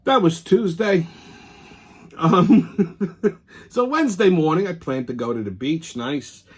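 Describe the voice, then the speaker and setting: A man's voice: a little high, lively intonation, slow pace, husky. A middle-aged man, hosting a show and telling a profane, ranting story in casual monologue. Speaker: show host.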